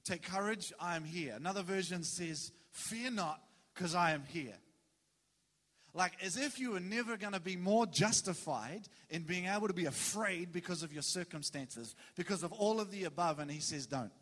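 A man preaching a sermon in a conversational, animated way with dramatic pauses. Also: high voice. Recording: long reverb of a large hall.

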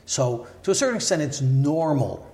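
A man's voice: mid-range voice, lively intonation, normal speed, warm tone. An older man from Canada, a former Olympic wrestler, talking through his views in an interview with thoughtful hedging and many restarts and asides. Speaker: podcast guest, former Olympic wrestler and sports lawyer. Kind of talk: reflective interview talk. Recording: roomy echoey room.

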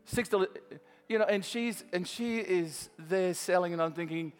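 A man's voice: high-pitched, normal speed, hardly any pauses, smooth, in a large hall, faint music behind. An Australian man preaching a sermon in a church, telling a story in a chatty way and talking straight to the congregation. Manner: chatty, restarts often, speaks straight to the congregation.

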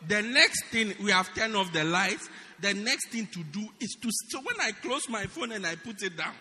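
A man preaching a humorous sermon, acting out stories and shouting the punchlines. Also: sits high, moderate pace, in a large hall, a little hiss or hum. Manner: animated storytelling, laughing and shouting punchlines. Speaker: pastor.

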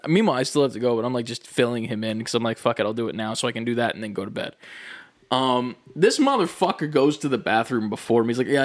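A young man casually telling a long story, animated and profane, acting out the people in it. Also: mid-range voice, dry recording, studio quality. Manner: animated, swearing, acts out voices in his stories.

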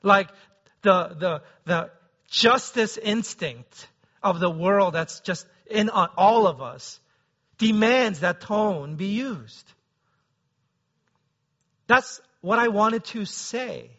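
Male pastor with a high, crisp voice and a conversational preaching manner, on a dull low-fidelity recording. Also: animated, slow pace, long pauses, a bit bright. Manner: conversational, often asks the listeners "right?". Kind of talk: sermon.

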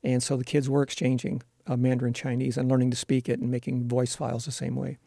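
Teacher guy being interviewed, gravelly voice, earnest, lots of uh's. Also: mid-range voice, completely flat delivery, quick pace, dark tone, dry recording, clean studio sound. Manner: earnest, explains with frequent uh fillers. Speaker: elementary school teacher, interview guest. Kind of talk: explanatory interview talk.

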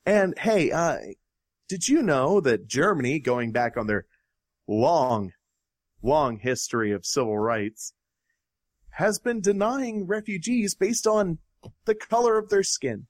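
A man's voice: on the high side, takes it slowly, no echo, clean studio sound. A man co-hosting a casual talk show, ranting sarcastically and swearing as he tears into news articles. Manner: animated, profane, sarcastic. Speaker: podcast co-host.

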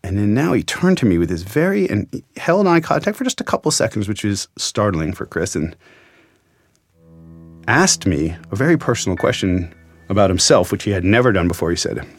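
Low-voiced male journalist, earnest and reflective storyteller, soft music under him. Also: big pitch swings, a little fast. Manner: earnest, reflective, emotional retelling. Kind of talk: storytelling interview.

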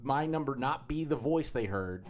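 A man co-hosting a comedy podcast in a studio, telling stories in relaxed, matter-of-fact banter. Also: medium pitch, moderate pace, slight background noise. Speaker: podcast co-host.

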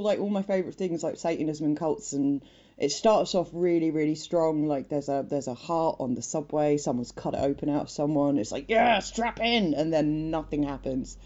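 A woman's voice: low-pitched, fairly even intonation, dark tone, dull audio. A woman, co-hosting a casual film chat podcast and making chatty, wry remarks. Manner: chatty, swears, does quick mocking voices. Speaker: podcast co-host.

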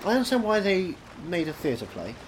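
A man's voice: sits high, huge pitch swings, a little fast, slight background noise. A man co-hosting a comedy podcast in casual, joking chat, often mock-indignant and sliding into silly voices. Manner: playful, jokey, slips into silly put-on voices. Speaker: podcast co-host.

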